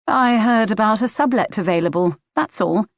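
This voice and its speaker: A woman voicing a calm young woman who speaks in a gentle, measured way. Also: mid-range voice, no room sound, clean studio sound, close to an everyday voice.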